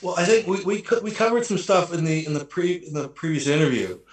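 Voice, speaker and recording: A man's voice: on the high side, fast. A man, an actor guest, talking in a casual chat, reflective and rambling, often restarting his sentences. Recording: echoey room.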